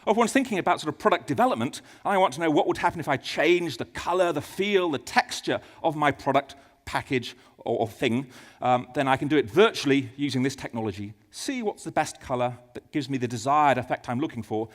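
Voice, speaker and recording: A man giving a conference talk in a large auditorium, animated, with many fillers and restarts. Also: on the high side. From United Kingdom. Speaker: conference speaker. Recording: long hall reverb.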